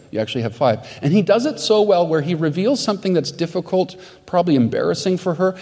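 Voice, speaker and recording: A man's voice: a little high, a little mellow, slightly rough, big-room sound. A man preaching a sermon as pastor, telling stories earnestly.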